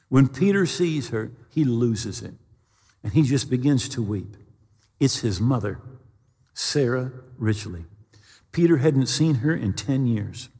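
A man preaching a sermon, telling a story with dramatic slowdowns and stammered restarts. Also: medium pitch, darkish tone, breathy edge, big-room sound.

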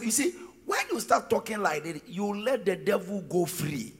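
A man preaching a sermon as pastor, emphatic and sing-song, rising to shouted peaks. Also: high voice, lively intonation, normal speed, husky. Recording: long reverb of a large hall.

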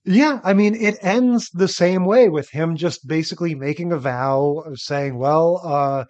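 Man, podcast co-host, slightly higher voice, measured and analytical, relaxed chat delivery. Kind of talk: casual chat.

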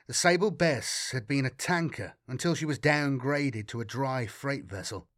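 A man reading a science fiction audiobook in a measured, dramatic way. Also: medium pitch, no echo, studio quality. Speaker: audiobook narrator. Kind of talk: scripted narration of science fiction.

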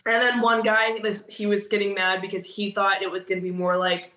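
A woman, a guest who teaches cookie decorating, telling stories casually in an interview, animated and laughing often. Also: mid-range voice, brisk. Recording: roomy echo.

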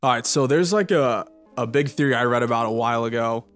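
Middle-aged male co-host, average pitch, lively rambling stories, soft music behind. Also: fast talker. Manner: rambling, animated storyteller, many fillers. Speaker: podcast co-host. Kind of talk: casual chat.

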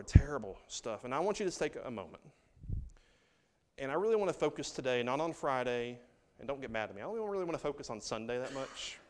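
Smooth-voiced man preaching a sermon. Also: mid-range voice. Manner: conversational, swings from loud reading to hushed asides. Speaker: pastor.

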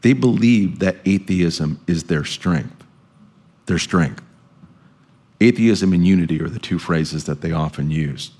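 A man speaking as a guest lecturer, answering audience questions in a measured way and often repeating words while he thinks. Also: deep voice, darkish tone. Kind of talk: public lecture Q&A.

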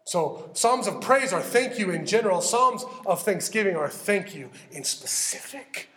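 A man preaching a sermon, animated and conversational, acting out heartfelt prayers as he teaches. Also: sits high, measured pace, roomy sound. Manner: animated, acts out prayers in character. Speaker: pastor.

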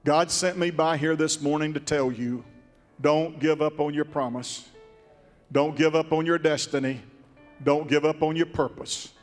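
A man preaching a sermon as pastor in a church sanctuary, with a slow cadence that now and then breaks into song. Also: a little high, fairly even intonation, big-room sound, soft background music.

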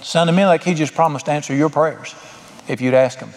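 A man's voice: on the high side, fairly quick, in a large hall. A man preaching a sermon to his congregation, in a folksy, conversational way that keeps coming back to "all right". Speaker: pastor.

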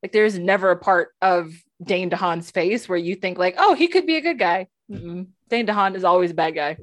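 A woman's voice: fairly low pitch, lively intonation, fairly quick, no echo. A woman co-hosting a podcast, chatting casually with many fillers and laughs. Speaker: podcast co-host. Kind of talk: casual chat.

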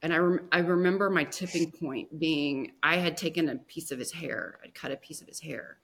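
A woman guest on a podcast, telling a personal story in a soft, emotional way with many pauses and restarts. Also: sits low, slight background noise.

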